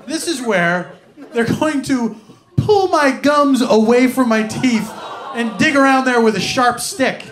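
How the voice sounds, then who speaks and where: A man doing a stand-up comedy set, animated and acting out indignant voices. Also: extremely high pitch, measured pace. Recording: echoey live room with audience noise.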